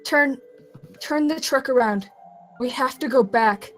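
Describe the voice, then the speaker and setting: Woman reading as a short-tempered young leader, fan fiction reading, highish voice, clipped and demanding. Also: unhurried, soft background music. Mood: angry.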